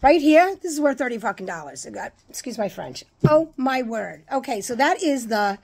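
Excitable woman gushing over a box. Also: a little high, moderate pace, vocal fry. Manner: excitable, gushing, swears freely. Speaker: unboxing vlogger. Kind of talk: casual unboxing chat.

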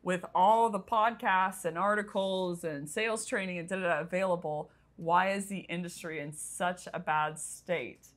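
A woman's voice: on the low side, fairly even intonation, moderate pace, hardly any pauses. A woman co-hosting a casual chat, talking chattily and laughing often. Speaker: podcast co-host.

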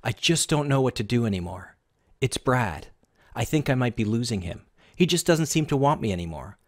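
A man's voice: mid-range voice, animated, normal speed, dry recording, clean studio sound, close to an everyday voice. A man voicing a sobbing, desperate married woman, pleading shakily through tears. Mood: tearful. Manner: tearful, shaky pleading.

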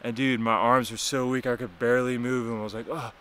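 Out by a cold river and waterfall, a young man gives a rambling, profane vlog recap of nearly drowning, sounding shaken, weak, worn out and cold. His medium-pitched voice shows little pitch movement and a quick pace, and is a bit bright, clear and resonant.

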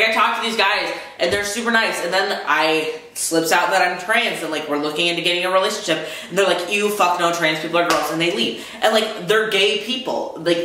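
A young man in a heated, swearing vlog rant, talking fast and full of anger. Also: high-pitched, bright, forceful tone. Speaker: vlogger. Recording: very echoey room.

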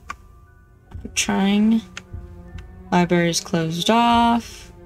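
A woman's voice: medium pitch, unhurried, long pauses, soft background music. Playful woman streaming a game. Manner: chatty, playful, easily excited. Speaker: gameplay streamer. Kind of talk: casual gameplay commentary.

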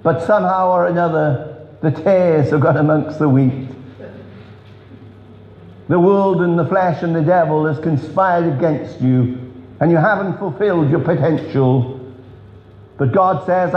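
A man delivers an earnest revival sermon in a large church hall, telling stories with emphatic pauses and drops in pitch. The recording echoes off the hall and sounds dull.

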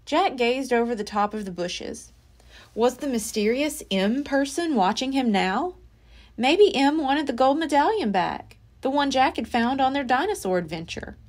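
Lively woman reading a children's book. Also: sits high, measured pace. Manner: expressive, lively storybook reading. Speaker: library storyteller. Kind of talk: children's read-aloud narration.

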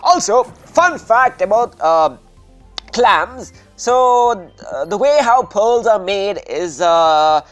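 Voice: mid-range voice, very animated, slow pace, soft background music. A gaming video creator giving casual gameplay commentary in a rambling, playful way and hyping themselves up.

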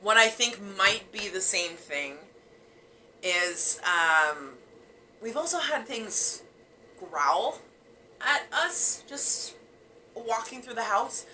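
A young woman tells her ghost story among friends, her voice bright and sharp. She talks animatedly, acting out what people said, with plenty of fillers. A faint noise sits under the recording. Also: mid-range voice, slow pace, pauses often, poor audio. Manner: animated, acts out quotes, many fillers. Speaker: storyteller sharing a ghost experience.

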